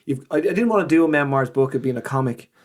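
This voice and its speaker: An Irish man, a comedian, telling anecdotes in a casual chat, animated and swearing freely. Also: medium pitch, fast talker. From Ireland. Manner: animated storyteller, swears freely, acts out voices in his anecdotes. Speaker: comedian guest.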